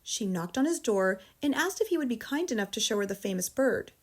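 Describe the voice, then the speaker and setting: An American woman narrating a children's novel in a calm, measured storytelling voice. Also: fairly high pitch. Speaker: audiobook reader. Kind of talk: audiobook narration.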